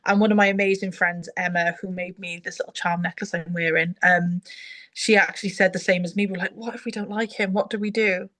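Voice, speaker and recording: A woman's voice: fairly low pitch, level tone, a little fast, a bit bright. Enthusiastic woman guest chatting. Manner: enthusiastic, rambling with restarts. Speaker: podcast guest. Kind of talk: casual chat.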